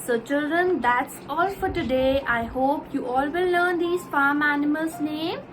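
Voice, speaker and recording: A woman teacher giving an online lesson to small children, slowly spelling out words letter by letter and having them repeat. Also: high voice, noisy background. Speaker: nursery school teacher.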